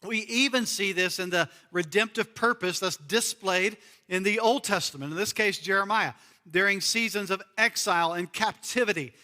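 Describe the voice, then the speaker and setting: Bright-voiced male pastor preaching. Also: high voice, normal speed, long reverb tail. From United States. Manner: earnest, repeats key phrases for emphasis. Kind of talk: sermon. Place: church sanctuary.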